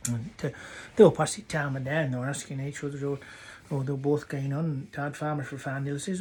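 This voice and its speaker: A man's voice: mid-range voice, fairly even intonation, fast, dark tone, slightly rough. A man with a North Yorkshire accent telling rambling dialect stories. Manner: rambling, chatty. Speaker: dialect storyteller.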